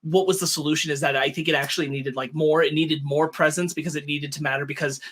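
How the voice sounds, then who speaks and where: Man, podcast co-host, slightly high voice, long-winded, hesitant. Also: fairly even intonation, fast, fairly bright tone. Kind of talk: casual chat.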